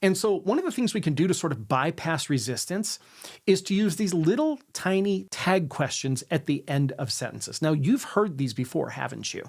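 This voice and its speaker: A man with a somewhat raised pitch delivers an instructional lesson on persuasion. He often checks in with "right?" and deliberately lets his sentences drop at the end. The delivery is that of a coach talking straight to camera. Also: big pitch swings, creaky, slightly rough. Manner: demonstrates intonation, ends sentences on a lower note; tags questions with "right?". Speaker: sales and influence coach.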